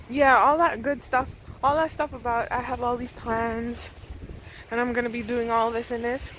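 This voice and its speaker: A Canadian woman vlogging casually from the snow and her car, chatty and self-mocking, laughing often. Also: fairly high pitch. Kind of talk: casual vlog chat. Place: outdoors in snow, then in a car. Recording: noisy outdoor and car ambience.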